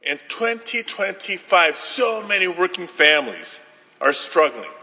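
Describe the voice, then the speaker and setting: A man senator making a deliberate, indignant floor speech. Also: high-pitched, sing-song, pushed and bright. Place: large legislative chamber. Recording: echoey legislative chamber.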